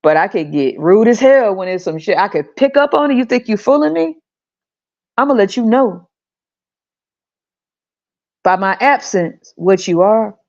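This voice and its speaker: Her voice is mid-range and a little slow, with long pauses, as she rants through a casual podcast monologue. The host curses, gets animated, and laughs often. The sound is slightly dull.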